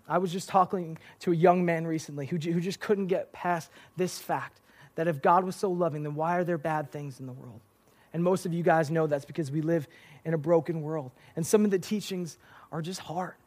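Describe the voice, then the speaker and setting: High-voiced young man giving youth sermon. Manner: lively storytelling with filler words. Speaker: youth pastor.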